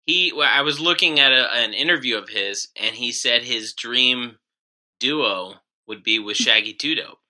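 A man co-hosting a comedy podcast, chiming in with animated banter. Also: medium pitch, measured pace, rough recording. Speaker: podcast co-host. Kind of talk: casual comedy podcast chat.

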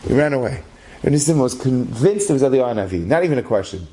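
A man telling a religious story aloud, acting out what the people in it say and lifting his voice at the tense turns. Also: quick pace. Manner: animated, rises in pitch at dramatic moments; acts out characters' lines in his own voice.

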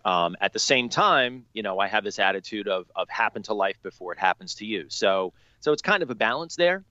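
Low-voiced man on a dull, dry mic. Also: fairly quick, no room sound. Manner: relaxed, filler-heavy. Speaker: podcast co-host. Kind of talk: casual podcast chat.

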